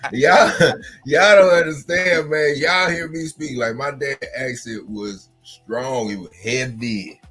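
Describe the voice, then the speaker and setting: A man's voice: medium pitch, slow, fairly bright tone, soft background music. A man in a casual podcast chat, speaking hesitantly with many fillers.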